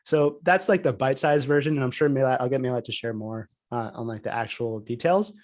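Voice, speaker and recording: A man's voice: medium pitch, a little fast. A man on a podcast, telling a personal story in casual chat, full of "like" fillers. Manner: animated storytelling, many "like" fillers. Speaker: podcast co-host.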